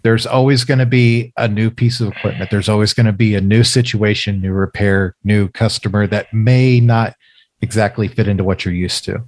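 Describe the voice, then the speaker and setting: A man who is a biomed and podcast host, giving thoughtful, measured advice in a casual chat. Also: lowish voice, steady tone, darkish tone, no echo.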